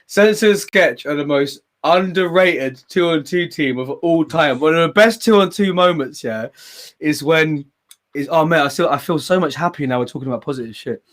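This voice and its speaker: A man from England, host of a battle league, telling stories with excitement and frequent laughter in a casual chat. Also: fairly high pitch, moderate pace. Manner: excitable storyteller, laughs often.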